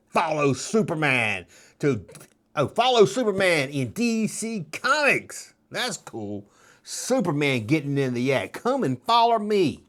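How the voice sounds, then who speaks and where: A man's voice: a little high, fairly bright tone. A middle-aged man hosting a casual show-and-tell vlog, rambling with jokes and nostalgic asides. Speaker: toy collector host.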